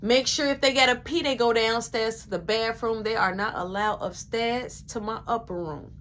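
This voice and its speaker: A woman's voice: a little high, steady tone, moderate pace, a bit bright, close to an everyday voice. A woman voicing her strict, no-nonsense mother, lecturing and handing out orders. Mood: stern. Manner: bossy, lecturing.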